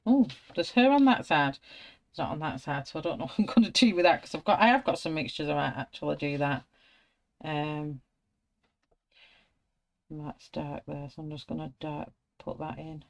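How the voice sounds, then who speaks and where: A middle-aged British woman with a notably low voice chats in a relaxed, friendly way. She narrates each step of her colouring as she goes. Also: normal speed, creaky. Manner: chatty, self-narrating, friendly. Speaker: colouring artist. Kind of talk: casual chat while colouring.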